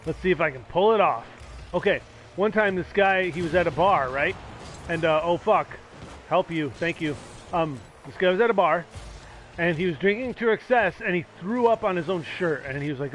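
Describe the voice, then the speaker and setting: A man casually commenting while streaming a video game, excitable and joking, yelling hype at plays. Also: high voice, a little fast, long pauses, a little hiss or hum. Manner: joking, self-mocking.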